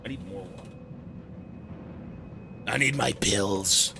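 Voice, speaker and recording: A man with a hoarse, worn-out voice chatting casually with viewers on a gaming live stream, loose and swearing. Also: fairly low pitch, background noise. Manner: slow, loose, swearing banter. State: hoarse, sore throat. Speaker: gaming livestreamer.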